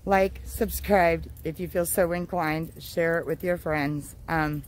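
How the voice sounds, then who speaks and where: A woman homestead vlogger chatting outdoors in her garden, gushing and exclamatory, with drawn-out words. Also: sits low, fairly even intonation, slight background noise, poor audio. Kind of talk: casual excited vlog.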